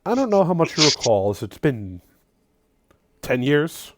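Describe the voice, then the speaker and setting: A man's voice: a little high, very animated, a little slow. A man narrating a tabletop game as game master, with joking asides to players.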